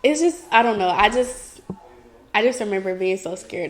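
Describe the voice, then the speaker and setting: A young woman talking openly to her listeners in a casual, confessional way. Her voice sits at a middle pitch. Her speech is loose and chatty, with frequent "like"s and little giggles. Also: lively intonation, normal speed. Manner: candid, chatty, giggly, full of "like". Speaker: podcast host.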